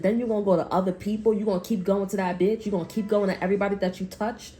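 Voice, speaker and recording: A woman's voice: mid-range voice, steady tone, rapid-fire, dark tone. A woman giving a casual tarot reading, rambling with lots of "like" and speaking bluntly, with frequent swearing. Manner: blunt and heated. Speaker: tarot reader.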